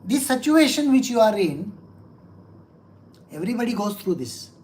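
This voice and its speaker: A woman's voice: a little high, sing-song, moderate pace, darkish tone. Woman, spiritual teacher, explaining scripture, rhetorical questions, repeats phrases for emphasis. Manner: acts out little quoted exchanges.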